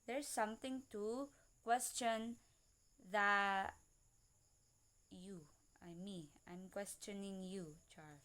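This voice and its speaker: A woman walks through a pronunciation lesson at an unhurried pace. She says each example word slowly and carefully, often twice. Her pitch sits in an ordinary middle range. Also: steady tone, a bit bright. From Philippines. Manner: slow and careful, repeating example words. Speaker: student presenter. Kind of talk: slow classroom-style lesson reading.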